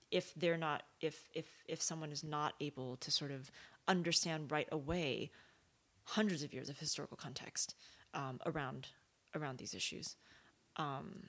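Low-voiced woman, thoughtful and animated. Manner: thoughtful, animated, lots of fillers and rhetorical questions. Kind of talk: casual conversation.

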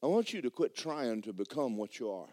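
A man preaching a sermon as pastor, swinging from shouted bursts to low, quiet lines and acting out dialogue. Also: sing-song, a little fast, no echo. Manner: acts out dialogue in dramatized voices. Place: church sanctuary.

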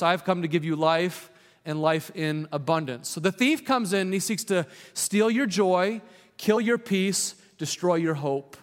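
A man preaching a sermon as a pastor, earnest, sometimes dropping to a hushed voice for emphasis. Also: high-pitched. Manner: earnest, drops to a hushed voice on key points. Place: church hall with long reverb. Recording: reverberant church hall.

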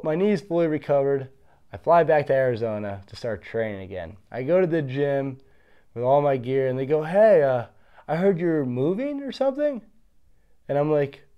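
The recording is lo-fi, but the man's fairly high-pitched voice comes through with a clean tone. He's a pro fighter from Pennsylvania, casually recounting career stories and animatedly acting out the lines other people said to him.

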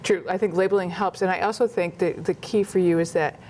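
A woman's voice: lowish voice, fairly even intonation, a little fast, darkish tone, slight background noise. A woman hosting a casual interview, encouraging her guest and restating what the guest has said. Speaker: interview host.

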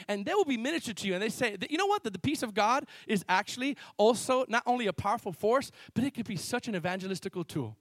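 A pastor preaching a sermon in a church, telling stories in an animated way and swinging between loud bursts and quiet asides. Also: male voice, high-pitched, no room sound. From Miami.

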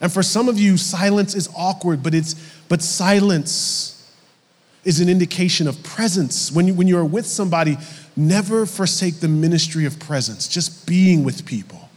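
A man preaching a sermon from the pulpit, lively when acting out quotes and dropping low and soft for the somber stretches. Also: normal speed, in a large hall. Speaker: pastor. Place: church sanctuary.

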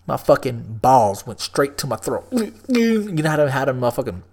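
A man's voice: medium pitch, very animated, moderate pace, a little mellow. A young man from Texas hosting a solo podcast, telling stories in a profane, laid-back way. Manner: profane, storytelling, laid-back then hyped outro. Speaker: podcast host.

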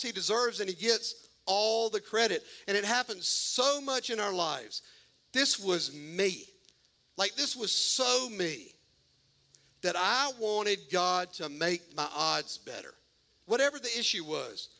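A man preaching a sermon, folksy and animated, acting out the voices of biblical figures. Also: high-pitched, normal speed, vocal fry. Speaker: pastor.

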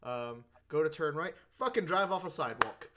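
A man's voice: fairly high pitch, expressive, normal speed, bright, forceful tone. A young man casually telling friends about a driving mishap, laughing often. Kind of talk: casual storytelling among friends.

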